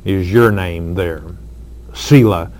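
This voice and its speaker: A man's voice: low-pitched, a little mellow. A man preaching a sermon, explaining scripture in an earnest way with frequent fillers. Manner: earnest, slow, with fillers and emphatic lines. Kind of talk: expository sermon.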